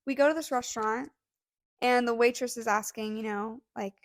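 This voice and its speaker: A woman's voice: fairly high pitch, normal speed, no echo. Gushing young woman, close dry sound. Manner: gushing, emotional, many fillers. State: near tears. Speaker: podcast co-host. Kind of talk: casual storytelling chat.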